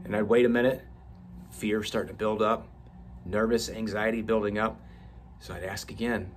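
A man's voice: fairly low pitch, level tone, moderate pace, a little hiss or hum. A man speaking candidly and with profanity as a podcast host, telling a personal story with frequent restarts.

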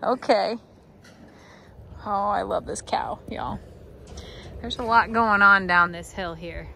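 A woman's voice: mid-range voice, takes it slowly, vocal fry, pushed and bright. A woman vlogging in a cattle pasture, chatting affectionately with the cows and musing aloud to viewers. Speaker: ranch vlogger. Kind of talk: casual vlog talk to animals and viewers. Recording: outdoor noise, vehicle hum.

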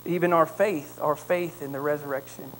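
Lively pastor man preaching. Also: a little high, normal speed, background noise. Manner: animated storytelling, then quiet prayer. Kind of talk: sermon. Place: church sanctuary.

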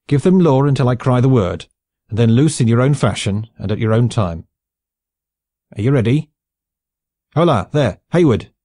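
A man's voice: medium pitch, warm tone, no echo, clean studio sound, close to an everyday voice. A man voicing a grizzled old archer commander. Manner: barking orders.

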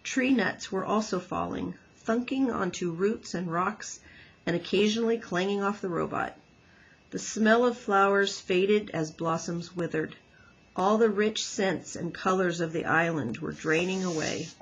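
A woman teacher reading a children's book aloud with gentle, expressive storytelling. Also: medium pitch, measured pace, breathy edge, poor audio.

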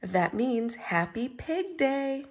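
A woman voicing an excitable, cheerful little female pig in a storybook read-aloud, with a bubbly, squealing delivery. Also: a little high, slow pace, a little hiss or hum, voice pushed up. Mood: excited.

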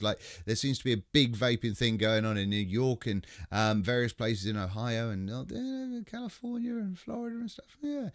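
With a medium-pitched, slightly bright voice, this livestream host chats casually while reading viewers' comments and greetings aloud. He trips over names good-naturedly, laughs a lot, and drops casual swears, and the recording is dry and studio quality.

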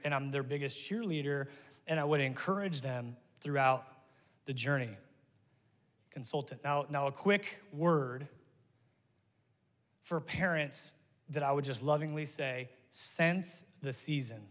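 A middle-aged man preaching a sermon as pastor, energetic and jokey, talking straight to his congregation. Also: fairly high pitch. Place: large church hall. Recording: long reverb of a large hall.

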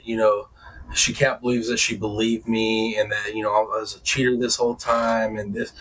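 A young man hosting his own channel, telling a personal story in a casual, profane, animated way that turns loud and high when heated. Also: slightly rough, rough recording. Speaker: true crime channel host.

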